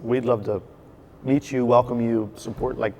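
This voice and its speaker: A man tells a long story in a casual chat, bringing each character in it to life with quick quoted lines and lively restarts. He is recorded in his brewery, where a faint hum of the room stays underneath his voice. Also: medium pitch. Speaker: brewery owner, guest.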